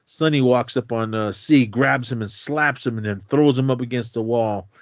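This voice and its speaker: A man casually recaps a movie scene by scene, slipping into the characters' lines as he goes. His voice sits at an everyday middle pitch. The recording is dry and a little muffled. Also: moderate pace, dry recording. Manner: animated retelling, acts out quotes. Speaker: podcast co-host. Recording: slightly muffled, dry sound.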